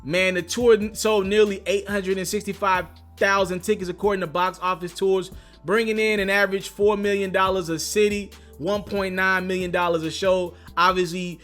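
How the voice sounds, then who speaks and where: Animated, slangy male hip-hop commentator. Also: high-pitched. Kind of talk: casual commentary vlog.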